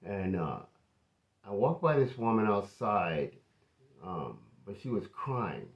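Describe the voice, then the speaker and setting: A pastor telling a personal testimony in an earnest, conversational way. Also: male voice, fairly low pitch, very animated, takes it slowly.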